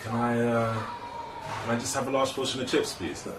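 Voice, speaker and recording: A man's voice: medium pitch, little pitch movement, normal speed, roomy sound, recorded from a distance, over music, close to an everyday voice. A man playing a polite, puzzled customer in a comedy sketch, speaking in formal, overly courteous phrases. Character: polite, puzzled male customer ordering food.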